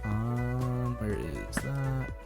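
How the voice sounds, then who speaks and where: Profane young man, lively rambling voice. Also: mid-range voice, extremely slow, creaky, over loud music. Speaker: gaming streamer. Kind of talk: casual storytelling while gaming.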